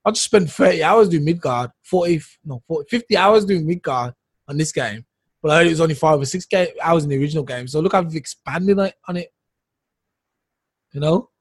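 A man with a slightly high, husky voice, telling a story in casual chat. He rambles, restarts his sentences and laughs as he talks. The sound is dry and close-miked. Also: fairly quick, no echo. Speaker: podcast co-host.

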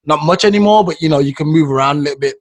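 A man's voice: fairly high pitch, very fast. A man co-hosting a podcast in casual chat, laid-back and teasing. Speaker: podcast co-host.

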